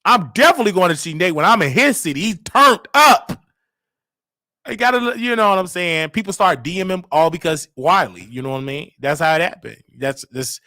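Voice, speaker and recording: A Southern US man hosting a live online show, his voice high and bright and leaping all over the place. He swings from loud hype to soft murmured asides, sounding close and dry on the mic. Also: fairly quick, dry recording. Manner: animated, sing-song, swinging between loud and hushed. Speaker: host. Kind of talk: casual livestream talk.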